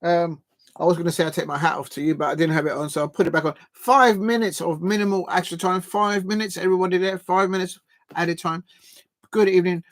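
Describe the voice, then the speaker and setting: A high-voiced man runs a live football watch-along stream. He talks in a chatty, excitable way, mixing quick play-by-play calls with friendly asides to his viewers.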